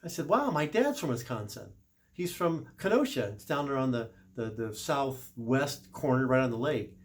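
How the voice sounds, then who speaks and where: A man's voice: medium pitch, big pitch swings, moderate pace. A middle-aged man and car shop service manager telling a story in a casual, chatty way, correcting himself and laughing a little as he goes.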